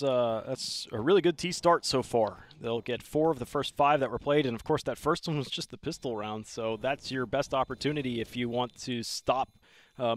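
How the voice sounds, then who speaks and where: A man with a Southern US accent doing excitable live esports commentary. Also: mid-range voice. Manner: excitable, talks over the action.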